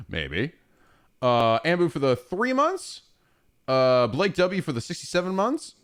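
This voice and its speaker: A man streaming games, chatting casually in a rambling, profane and animated way. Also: on the high side, takes it slowly, no echo, studio quality. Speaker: game streamer. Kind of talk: casual chat.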